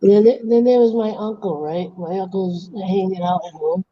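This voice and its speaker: On a livestream, a woman host with a medium-pitched voice and moderate pace casually tells long jokes over lo-fi sound. She trails off, restarts and corrects herself mid-story, laughing at her own punchlines.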